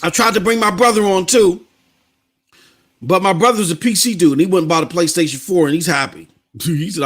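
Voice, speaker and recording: A middle-aged man, hosting a casual live gaming stream, animated and repetitive, laughing often. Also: high voice, a little fast, slightly rough.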